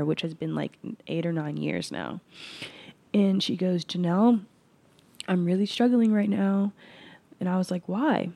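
A woman with a mellow, slightly low voice hosts a reflective solo podcast. She speaks earnestly, with restarts and plenty of "like". The sound is close and dry, with no room in it. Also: gravelly, no echo. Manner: earnest, frequent restarts and "like" fillers. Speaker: podcast host. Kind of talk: reflective personal monologue.

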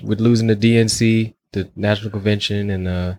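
A man's voice: lowish voice, little pitch movement, fairly quick, darkish tone. A man producing and co-hosting a podcast from the Washington DC area, teasing his co-host in casual, wry banter.

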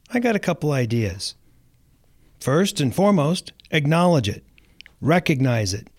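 Middle aged guy doing his podcast monologue, keeps throwing questions at you, slightly high voice. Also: no room sound, clean studio sound. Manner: lively, with many rhetorical questions to the listener. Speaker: podcast host.

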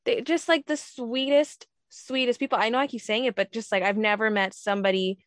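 A woman's voice: fairly high pitch, a little fast, no room sound. Laughing, chatty woman with a dry sound. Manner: laughs often and acts out quoted people in lively voices. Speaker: surrogate mother telling her story. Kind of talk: casual storytelling chat.

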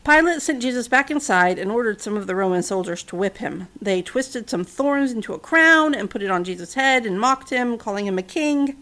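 A woman's voice: fairly high pitch, expressive, brisk, few pauses, a bit bright. A woman casually retelling a Bible story, mixing narration with chatty, wry asides and fillers.

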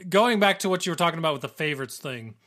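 Slightly higher, bright-voiced man chatting casually. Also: expressive, very fast. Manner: chatty, run-on sentences, laughs easily. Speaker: podcast co-host. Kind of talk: casual gaming podcast chat.

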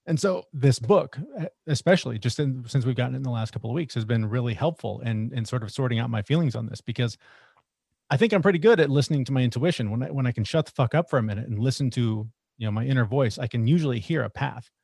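A middle-aged man in casual podcast conversation, earnest and reflective, thinking aloud at a mid-range pitch. The sound is dry and close, with little room around it. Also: fast, creaky, a little mellow, husky, no room sound. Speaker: podcast co-host.

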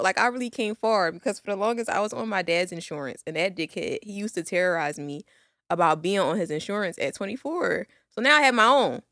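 A woman in her twenties talks loosely and casually as a podcast co-host, full of slangy asides. Her voice sits at an ordinary middle pitch. She is recorded dry and close, with no room sound. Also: sharp tone, dry recording. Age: 20s. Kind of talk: casual chat.

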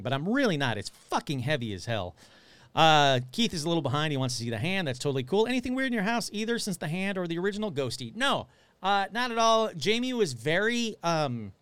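A man talking casually on a live stream, rambling and swearing freely as he reacts to the chat. His voice sits a little high and sounds smooth and clear. The sound is dry and close, with no room around it. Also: fairly bright tone, no echo. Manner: chatty, swearing, reads chat aloud. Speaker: livestream host.

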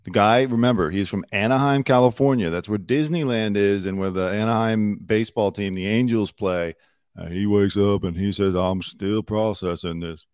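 A man's voice: on the low side, normal speed, darkish tone, smooth, no room sound, clean studio sound. A man hosting his own commentary show, talking in a chatty, opinionated way with lots of fillers. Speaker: host. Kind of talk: solo news commentary show. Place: home studio in Los Angeles.

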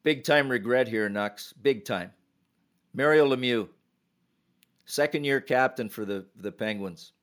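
Older man, retired referee guest on a podcast, lively storytelling, acts out quotes, from Canada. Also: medium pitch, measured pace, pauses often. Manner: animated storyteller acting out quotes.

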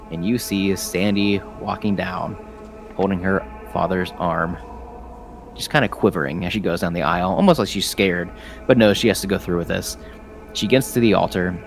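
A man narrating a tabletop game as game master, casual and rambling with lots of fillers and swearing. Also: sits low.

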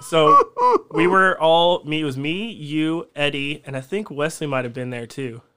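A man's voice: a little high, sing-song, unhurried, pushed and bright, clear, resonant tone. A young man, a podcast guest telling a rambling, profane story and laughing along the way.

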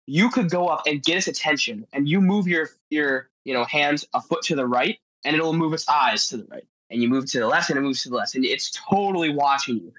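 Husky animated man telling stories. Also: fairly high pitch, brisk, hardly any pauses, no echo, lo-fi sound. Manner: rambling, heavy use of "like" fillers; animated storyteller. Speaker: podcast guest. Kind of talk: casual adventure storytelling.

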